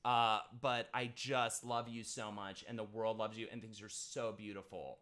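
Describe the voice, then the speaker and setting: A man's voice: on the low side, little pitch movement, moderate pace, a bit bright. A young man hosting a casual livestream, joking around and then speaking earnestly and heartfelt to his wife. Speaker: streamer host.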